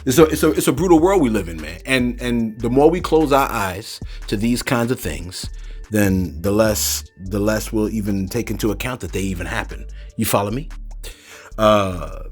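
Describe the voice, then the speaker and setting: A man's voice: fairly low pitch, expressive, normal speed, breathy edge, soft background music. A man hosting a commentary video, talking loosely, repeating words and tagging lines with "man". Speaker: commentary channel host. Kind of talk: casual spoken commentary.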